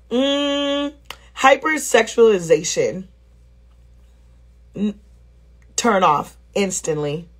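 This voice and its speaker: A woman vlogger chatting casually and expressively straight to her viewers. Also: mid-range voice. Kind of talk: casual vlog chat to viewers.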